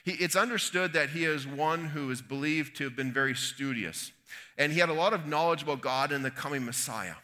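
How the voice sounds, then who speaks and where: A man's voice: on the high side, a little fast, sharp tone. A man from Canada preaching a conversational sermon, retelling a Bible story with folksy asides and quoted voices. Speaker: pastor.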